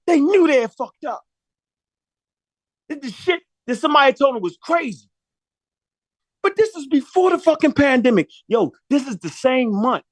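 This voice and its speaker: A man's voice: very high voice, no echo. A man telling a long story in a profane, slangy way, acting out the quotes as he goes. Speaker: podcast talker. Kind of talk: animated storytelling monologue.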